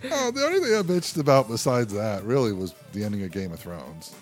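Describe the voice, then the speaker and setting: An opinionated man co-hosts a casual podcast and rants with a cursing edge. His voice sits low but swings widely in pitch. Faint music plays under the talk. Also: very animated, brisk. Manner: opinionated, ranting, swears casually. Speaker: podcast co-host. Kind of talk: casual chat.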